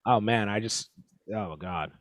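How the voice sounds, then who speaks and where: A man's voice: lowish voice, measured pace, no room sound, studio quality. A man leading a live-streamed group drum lesson over a video call. He is exclamatory, laughs often and counts the players in.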